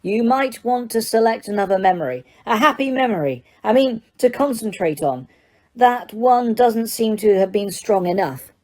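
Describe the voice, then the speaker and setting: A woman voicing a kind, weary male teacher in an audiobook, who speaks quietly and hesitantly in a reassuring way. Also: a little high, animated, moderate pace. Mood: gentle.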